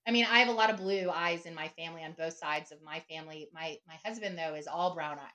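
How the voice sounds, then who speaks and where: A woman's voice: low-pitched, fast talker, bright, forceful tone. A middle-aged woman speaking as a podcast guest, reflective and conversational, often checking in with "right?" and "you know". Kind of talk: conversational interview.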